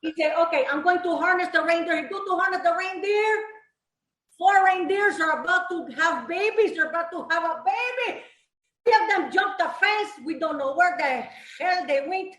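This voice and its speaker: A woman's voice: extremely high pitch, normal speed, echoey room, poor audio. Woman playing a brassy Latin Mrs. Claus. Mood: storytelling. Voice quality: loud, bubbly, laughing through lines. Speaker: roast guest. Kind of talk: live comedy roast bit.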